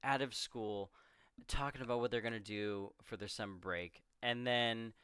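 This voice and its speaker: Smooth-voiced young man recapping a movie. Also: on the low side, fairly even intonation, fairly bright tone, no echo, studio quality. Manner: rambling, swears freely, acts out scenes in quick voices. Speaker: podcast co-host. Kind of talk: casual movie discussion.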